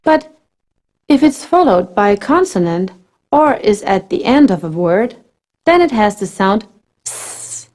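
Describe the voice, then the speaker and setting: A woman narrating a scripted language lesson, modelling phrases slowly with careful enunciation. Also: medium pitch, very animated, darkish tone. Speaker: language teacher.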